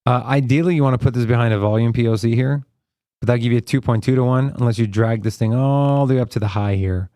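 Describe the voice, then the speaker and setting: A man's voice: medium pitch, fast talker, dry recording, studio quality. A man co-hosting a live trading stream, thinking aloud as he talks through chart setups in an easy, casual way. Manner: relaxed, thinks aloud with fillers while reading charts. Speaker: co-host and trader on a live trading show.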